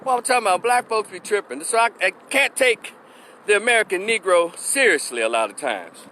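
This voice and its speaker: A man's voice: sits high, animated, brisk, pushed and bright, slight background noise. A man giving a blunt, profane opinion rant, stressing his points and laughing in scorn. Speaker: opinion vlogger.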